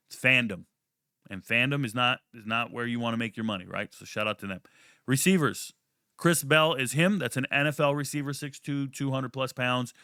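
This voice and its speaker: A man giving casual sports betting predictions in a brash, profane, boastful way, swinging from low mutters to loud, high-pitched outbursts. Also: clean tone, dry recording, clean studio sound. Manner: brash, profane, hyped-up trash talk.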